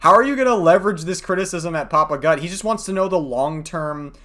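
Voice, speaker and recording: A man's voice: a little high, quick pace, bright, forceful tone. A young man giving reaction commentary, mocking and exasperated, swearing a lot. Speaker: commentary YouTuber.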